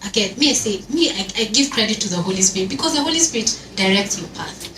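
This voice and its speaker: This animated woman talks fast in a mid-range voice, storytelling on an event panel and mixing in Swahili as the audience interacts with her. The audio comes from far off in an echoey hall and is noisy.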